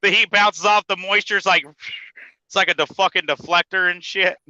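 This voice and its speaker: Man, truck-driver host, profane casual chatter, bright edgy voice, dull lo-fi line. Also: high-pitched, fairly even intonation, normal speed, no room sound. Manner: profane, laughs often, stammers when telling a story. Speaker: podcast host. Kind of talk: casual chat. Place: truck cab, driving.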